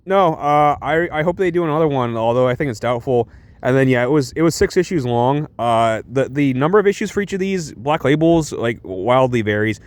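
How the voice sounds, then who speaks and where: A man's voice: mid-range voice, animated, a little fast, dry recording. A man giving a casual, rambling and enthusiastic comic book review.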